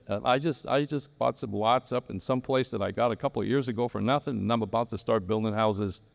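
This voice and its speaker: A man's voice: mid-range voice, brisk, vocal fry. A man on a live real estate panel, telling a long story with many restarts. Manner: rambling storyteller, frequent restarts. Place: large hall at a live event. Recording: reverberant hall sound.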